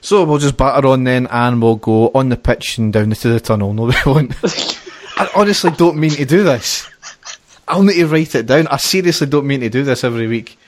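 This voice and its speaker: Male podcast host, mid-pitch, casual, giggly, stumbles over his lines. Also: a little fast. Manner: laughs often, loses his place, restarts sentences. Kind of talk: casual chat.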